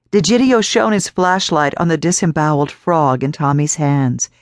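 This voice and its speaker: A woman narrating a horror novel audiobook in a measured, even storytelling voice. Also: low-pitched, dry recording, clean studio sound. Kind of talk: scripted narration.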